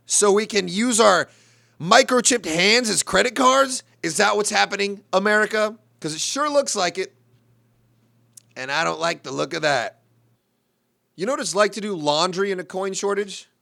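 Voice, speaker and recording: A young man delivers a comedic monologue in a bright, tense voice with plenty of gravelly fry. He rambles and rants with a profane, exasperated edge. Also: sits high, lively intonation, moderate pace.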